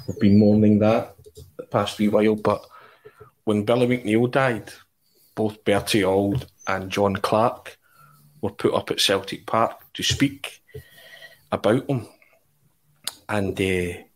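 A man, a journalist, telling an animated anecdote on a podcast, with chuckles along the way. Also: on the low side. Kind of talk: podcast storytelling.

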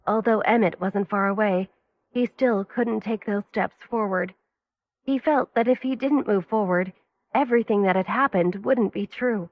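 A woman giving steady, even scripted narration of an audio story. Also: medium pitch, moderate pace, no echo, phone-quality sound.

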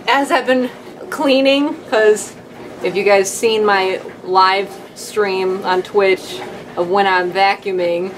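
Woman vlogger, casual home chat, rambling and upbeat, folksy slang, mid pitch. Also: fairly even intonation, slow pace, slight background noise.

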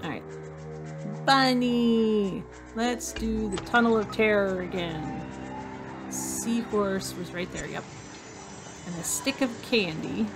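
Woman gamer, slow musing commentary, talks to herself, faint game music behind. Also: mid-range voice. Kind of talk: casual let's-play commentary.

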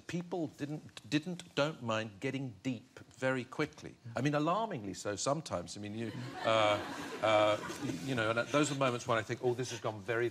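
A man's voice: mid-range voice, fairly bright tone. A middle-aged man from Northern Ireland, a guest on a TV chat show, talking in a reflective way with many restarts and easy laughs. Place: television studio.

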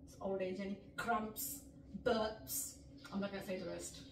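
A woman's voice: medium pitch, steady tone, a little slow, vocal fry, a little hiss or hum. A middle-aged woman vlogger of heritage, chatting to camera, laughing often and mixing in Punjabi words. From Mirpur, Pakistan heritage, living in the UK. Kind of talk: casual chat to camera. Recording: echoey room, mic at a distance.

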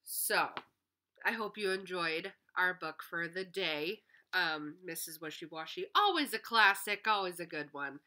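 A young woman, a kindergarten teacher, reading a picture book aloud to small children in an expressive, sing-song way and chatting with them between pages. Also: on the low side, measured pace.

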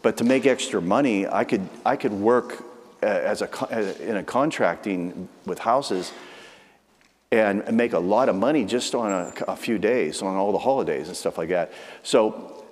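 A man preaching a storytelling testimony, with frequent restarts and animated emphasis. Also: lowish voice, normal speed. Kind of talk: testimony sermon. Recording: long hall reverb.

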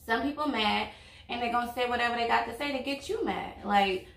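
Woman vlogger, blunt and outspoken, high bright gravelly voice, echoey room off-mic. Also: fairly quick, distant mic. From Louisiana. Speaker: vlog host, girlfriend. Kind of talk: casual couple chat over a meal.

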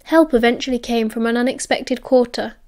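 A young woman with a British accent narrates an audiobook in a steady, even reading voice. Her tone sits a little high and stays measured, line after line.

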